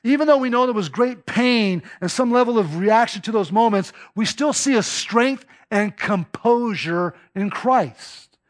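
A man's voice: high voice, expressive, unhurried. A man preaching a sermon as pastor, emphatic, piling up rhetorical questions and long lists.

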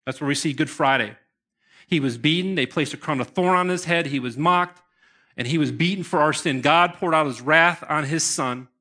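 A man's voice: on the high side, normal speed. A man preaching a sermon to his congregation in an earnest manner. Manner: earnest preaching, bursts into excited shouts. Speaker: pastor.

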